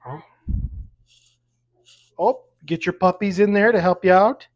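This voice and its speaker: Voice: mid-range voice, unhurried. A fitness instructor leading a seated exercise class at home, counting reps aloud and coaching with light jokes. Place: at home with pets around.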